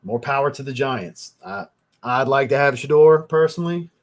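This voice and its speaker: The speaker is a young man who reviews fragrances and hosts a laid-back livestream. His voice is medium-pitched and expressive, at a moderate pace, as he goes through viewer comments, wandering off topic and swearing when he gets heated.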